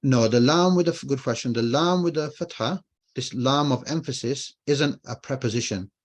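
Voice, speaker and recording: A man's voice: medium pitch, normal speed. A man teaching an online Arabic class, explaining patiently and repeating key phrases. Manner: explains patiently, repeats phrases, asks and answers his own questions.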